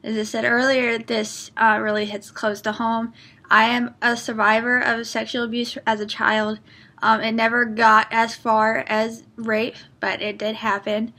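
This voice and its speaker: High, bright-voiced woman reviewing a book. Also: level tone, a little slow. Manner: earnest, rambling, with many fillers and restarts; openly emotional, close to tears. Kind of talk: casual book review vlog.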